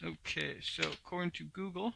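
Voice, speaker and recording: A man's voice: fairly high pitch, normal speed, gravelly, background noise. A man hosting a tech news podcast, giving blunt, opinionated commentary with many fillers. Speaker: podcast host.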